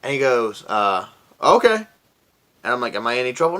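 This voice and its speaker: Young man, vlog storytelling, casual, profane, laid-back, middle-pitched voice. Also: sing-song, normal speed, sharp tone. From Florida. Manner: profane, laid-back, quoting himself in a raised voice. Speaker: vlogger.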